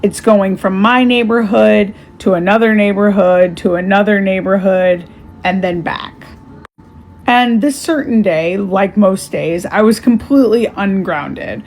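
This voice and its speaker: Slow, reflective woman telling her story. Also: medium pitch, a little mellow, slight background noise. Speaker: storyteller sharing a spiritual experience. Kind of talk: casual spoken testimony.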